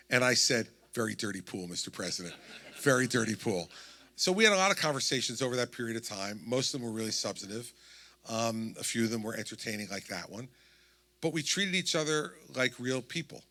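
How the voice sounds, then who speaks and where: A man's voice: medium pitch, pushed and bright. A man in his sixties with a New Jersey accent, telling a story at a campaign town hall and acting out the dialogue. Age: 60s. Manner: storytelling, acts out quoted dialogue. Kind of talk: anecdotal campaign speech.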